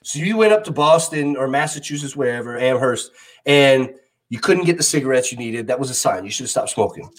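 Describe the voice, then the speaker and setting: A man's voice: mid-range voice, lively intonation, fairly quick. A man co-hosting a comedy podcast, teasing his friend in a mock-preachy way. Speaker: podcast co-host. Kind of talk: casual comedic banter.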